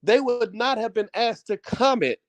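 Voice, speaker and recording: A man's voice: very high-pitched, lively intonation, moderate pace, dry recording. A man hosting his own channel, giving a passionate opinion rant that is full of repeats and rhetorical questions to the viewers. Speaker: channel host.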